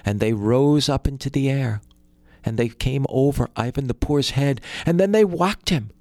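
A man telling a folktale in an animated, rhythmic way. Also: mid-range voice, moderate pace, no room sound. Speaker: storyteller. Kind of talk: folktale storytelling.

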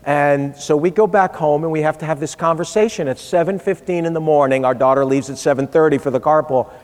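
Delivering a speech in a large hall with long reverb, a middle-aged man speaks briskly in a slightly mellow voice on the high side. He recounts a humorous family anecdote in a chatty way, doing the voices of those he quotes.

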